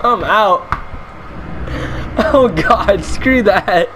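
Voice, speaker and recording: High-voiced, slow-talking male gamer. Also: expressive, background noise. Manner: jokey, talks to game enemies, laughs often. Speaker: let's play gamer. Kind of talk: casual gameplay commentary.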